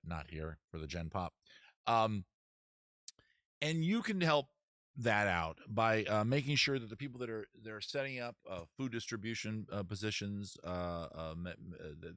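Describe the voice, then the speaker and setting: A man from Maryland chats loosely and wryly as the host of a comedy advice stream. His voice sits fairly low. The sound is close and dry, with no room echo. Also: a bit bright. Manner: rambling, wry, self-deprecating. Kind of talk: casual live-stream chat. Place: backyard outdoors next to a heater.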